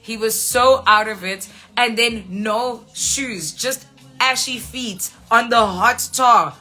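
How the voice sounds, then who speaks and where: A woman's voice: fairly high pitch, takes it slowly, bright, forceful tone, faint music behind. A woman telling a story casually on a phone live stream, swearing freely and acting out her friends' lines. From South Africa. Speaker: livestream host. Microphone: phone mic.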